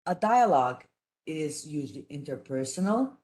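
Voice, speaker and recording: A woman giving a teaching lecture, speaking in a careful, halting way with frequent restarts and pauses. She grew up speaking three languages at once. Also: low voice, very animated, darkish tone. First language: none, raised trilingual. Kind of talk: online lecture.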